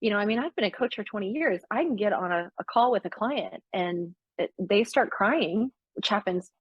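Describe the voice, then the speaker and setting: A middle-aged woman coach talking openly in a casual conversation, animated and emotional, laughing often as she tells stories. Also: mid-range voice, normal speed, slightly rough, no room sound, lo-fi sound. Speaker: business coach.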